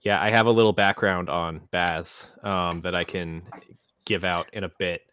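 Low-voiced man hosting a podcast. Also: fairly even intonation, normal speed, a bit bright, a little hiss or hum. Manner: self-deprecating, restarts intro. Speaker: podcast host. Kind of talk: casual podcast chat.

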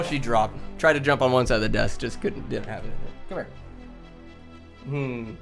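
Telling meandering cat stories in a casual, chatty way, this young Northern California vlogger laughs and swears as he talks from a room at home with a bookcase. He has a medium pitch, fairly even intonation, and a moderate pace, with soft music in the background.

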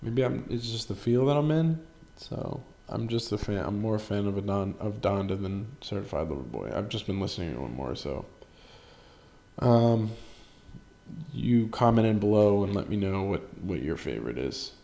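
A man's voice: lowish voice, animated, normal speed, gravelly, mellow. A man hosting a solo podcast in casual chat, rambling, swearing freely and joking at his own expense. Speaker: podcast host.

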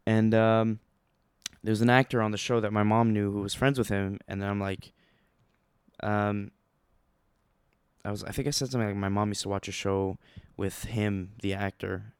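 Young man, low-pitched, smooth voice, rambling excitable storytelling, close dry mic. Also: normal speed, dry recording. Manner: rambling, excitable, many fillers and restarts. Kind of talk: casual storytelling vlog.

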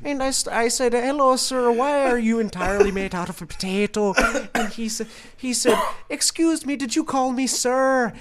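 A man's voice: extremely high pitch, moderate pace, few pauses, background noise, pitched above the performer's own voice. A man doing a rambling absurd male professor. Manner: rambling, absurd, deadpan storytelling. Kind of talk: comedy podcast impression.

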